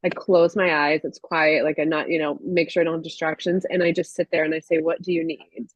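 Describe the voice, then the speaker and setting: A woman guest on a podcast, telling stories in an earnest, casual way with quick restarts. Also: low-pitched, little pitch movement, no room sound, rough recording. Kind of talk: casual conversational podcast chat.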